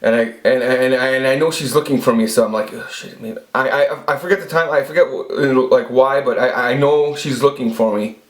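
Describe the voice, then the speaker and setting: A man's voice: medium pitch, fairly quick, hardly any pauses, slight background noise. A man telling a rambling, profane personal story with lots of restarts, as a channel host. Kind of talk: casual storytelling monologue. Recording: echoey room.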